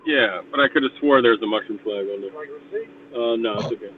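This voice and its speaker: A man's voice: medium pitch, fairly quick, a crowd in the background. A man chatting casually on a group call, rambling and swearing freely in a laid-back way. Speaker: podcast co-host. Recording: tinny phone-like line with faint hiss.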